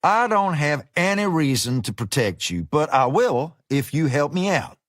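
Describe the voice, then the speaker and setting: A man voicing a smooth, menacing male American fixer who talks with easygoing slang. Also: a little high, very animated, a little slow, dry recording, studio quality. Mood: drawling menace.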